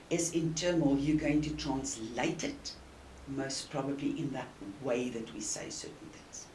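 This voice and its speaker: A woman with a South African accent giving an earnest, emphatic coaching talk to the camera, with deliberate pauses. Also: low-pitched, darkish tone. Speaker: communication coach. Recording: roomy and distant with faint hiss.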